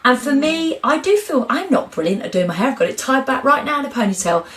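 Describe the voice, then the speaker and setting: A woman's voice: sits high, fast talker. A middle-aged woman talking frankly and expressively as an interview guest. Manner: frank, expressive, animated storyteller. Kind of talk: candid interview conversation.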